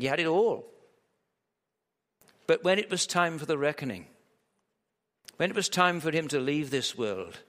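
A man's voice: medium pitch, a bit bright. A male preacher delivering a sermon with vivid storytelling. He keeps pressing his points with emphatic rhetorical questions, and his voice rings with a long reverb through a large hall. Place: large hall at a church camp.

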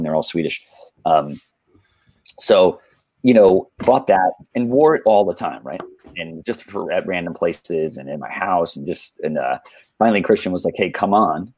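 Man, very deep voice, husky, rambling casual story, dry sound. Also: darkish tone, no echo. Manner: rambling, laid-back, many fillers and restarts. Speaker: guest.

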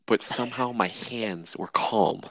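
A man's voice: fairly low pitch, unhurried. A young man co-hosting a casual podcast, telling stories with a laugh and acting out quotes. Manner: laughing, animated storytelling with acted quotes. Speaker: podcast co-host.

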